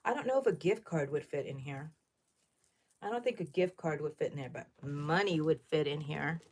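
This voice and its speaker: A middle-aged woman, chatting loudly and thinking out loud while she crochets on a livestream, asking her viewers questions. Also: deep voice, normal speed. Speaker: livestream host. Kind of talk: casual crochet livestream chat.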